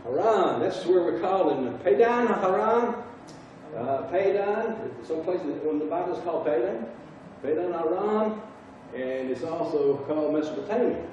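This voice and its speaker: A man with a Southern US accent teaching a Bible class, halting and repeating himself as he quizzes the group. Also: on the high side, animated, a little mellow, a little hiss or hum. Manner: halting, repeats words, asks the class questions. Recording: echoey room from far off, dull sound.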